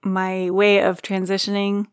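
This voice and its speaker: A woman's voice: medium pitch, completely flat delivery, a little slow, smooth, dry recording. A woman co-hosts a podcast in easy, casual chat, joking about herself and dropping the odd swear word. Her voice sits in an ordinary middle range. The recording is close and dry. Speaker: podcast co-host.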